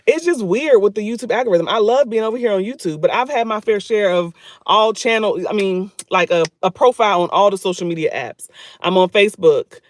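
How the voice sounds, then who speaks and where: A man's voice: high voice, fairly quick, dry recording. A man talking casually to his viewers on a livestream, repeating phrases for emphasis. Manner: chatty, talks straight to viewers. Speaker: YouTube livestreamer.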